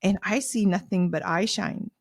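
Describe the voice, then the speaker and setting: A woman's voice: on the low side, normal speed, creaky, slightly rough, no room sound, clean studio sound. A woman guest on a podcast, telling stories in a chatty way, full of "you know"s and retold dialogue, and laughing often as she talks. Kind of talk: casual storytelling in a podcast interview.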